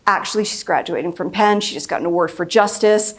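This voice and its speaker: A woman's voice: on the low side, fast talker, few pauses. A woman in her fifties, a mediator giving a conference lecture, speaking emphatically and repeating key phrases. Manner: emphatic and repetitive, acts out quoted speech.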